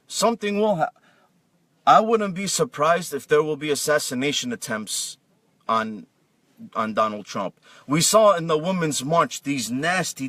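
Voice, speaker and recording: A man's voice: a little high, a bit bright, no echo, far from the mic. A man delivering an aggressive political rant, often stumbling and restarting as he talks. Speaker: political vlogger.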